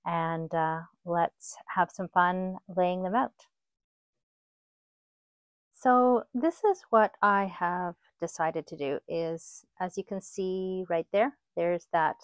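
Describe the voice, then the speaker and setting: A woman teaching a quilt tutorial, talking through each step in a relaxed, step-by-step way in her sewing room. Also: fairly low pitch, dry recording.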